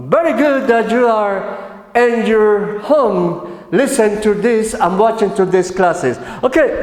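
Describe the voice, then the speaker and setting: Animated male English teacher, echoey room. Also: high-pitched. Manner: animated, switching between English and Spanish translations; slow, drawn-out model phrases for repetition. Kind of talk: TV English lesson. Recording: echoey room with long reverb.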